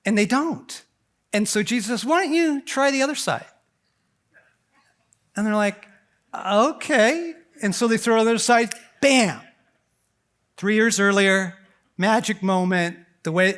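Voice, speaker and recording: A middle-aged man with a notably high voice preaches to a conference crowd. He tells the story in an animated, joking way, slips into little voices for quotes, and keeps checking in with "okay?" and "right?". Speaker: conference speaker. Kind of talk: lively sermon-style talk to a men's conference. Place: conference hall.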